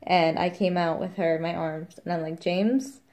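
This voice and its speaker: A woman's voice: fairly low pitch, flat delivery, brisk, darkish tone. A woman, a new mother, chatting casually in a rambling vlog, quoting the people around her.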